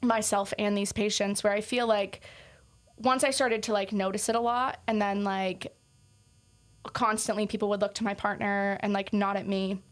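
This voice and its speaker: A woman on a podcast speaks at a middling pitch, lively and chatty, tumbling through her stories with plenty of "like" fillers. She keeps acting out what other people said to her as she talks. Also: moderate pace. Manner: animated, quotes others often, lots of "like" fillers. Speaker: paramedic guest. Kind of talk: casual interview storytelling.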